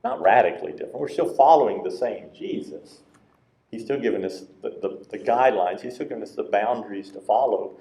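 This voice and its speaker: A man with a low, mellow voice preaches a sermon, talking to the congregation in a conversational way. He jumps into a higher, livelier voice when he acts out quoted lines. His words carry the echo of a large church sanctuary. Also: animated, brisk. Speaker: pastor. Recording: roomy church sanctuary sound.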